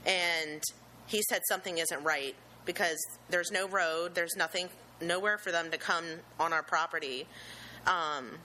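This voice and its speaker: Nervous young woman with a bright, low voice. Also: a little hiss or hum, rough recording. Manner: nervous and halting, with many "um"s and restarts; earnest and emotional, with religious gratitude. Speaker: eyewitness telling her story. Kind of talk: personal account, unscripted.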